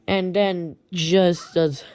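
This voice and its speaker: A woman retelling a creepy story in a rambling, halting way with many restarts. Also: on the low side, fairly even intonation, a little mellow, smooth.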